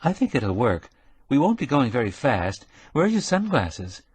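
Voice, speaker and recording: A man voicing an eager, excited young woman who drives a dog sled, chattering brightly. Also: mid-range voice, normal speed, husky. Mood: delighted.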